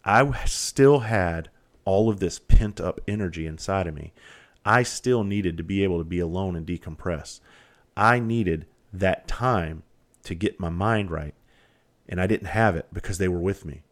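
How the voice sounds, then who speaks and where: Deep-voiced man telling a profane story. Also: normal speed. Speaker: podcast host. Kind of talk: candid monologue.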